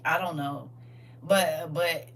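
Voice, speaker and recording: A woman hosting a casual livestream, reading viewer comments aloud and reacting with animated, laughing slang. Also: low voice, very slow, husky, far from the mic. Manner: animated, laughing, talks back to chat with slang. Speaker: livestream host.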